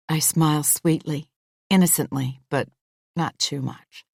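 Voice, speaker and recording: A woman reads a first-person thriller audiobook in a low register. Her delivery is intimate and measured. The recording is dry and close, with no room around it. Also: fairly even intonation, gravelly, darkish tone, dry recording. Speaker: audiobook narrator.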